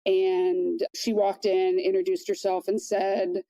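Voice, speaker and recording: Woman guest, soft-spoken storyteller, lowish warm voice, dry close sound. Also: flat delivery, no echo, rough recording. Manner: quiet, measured retelling with many restarts. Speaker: podcast guest. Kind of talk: personal storytelling in conversation.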